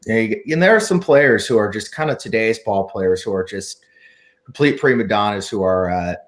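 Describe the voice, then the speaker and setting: A man's voice: fairly low pitch, animated, moderate pace. A man hosting an interview, opinionated, asking long run-on questions. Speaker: podcast host, interviewer. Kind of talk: casual interview.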